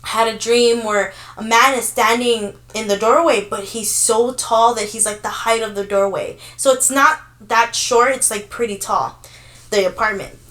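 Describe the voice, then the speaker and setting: A woman in her twenties telling a story in casual podcast chat, animated and full of fillers, swearing freely. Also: fairly high pitch, moderate pace. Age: 20s. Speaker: podcast co-host.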